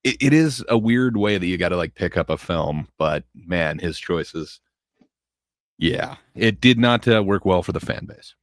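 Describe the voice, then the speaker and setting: Deep-voiced man chatting on a podcast. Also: animated, measured pace, dry recording, studio quality. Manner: laid-back, chuckles often, trails off with fillers. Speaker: podcast host. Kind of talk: casual chat.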